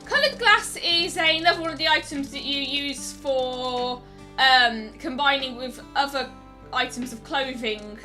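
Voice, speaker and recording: A woman's voice: high-pitched, measured pace, sharp tone, soft background music. Wry, chatty woman doing gameplay commentary. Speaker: let's play host.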